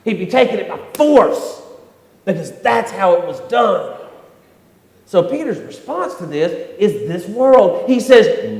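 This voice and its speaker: Male pastor, a bit high-voiced, casual repetitive preaching, roomy sanctuary. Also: sing-song, measured pace, creaky, a little mellow. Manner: conversational preaching with repetitions and acted-out quotes. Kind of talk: sermon. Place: church sanctuary. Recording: echoey church hall.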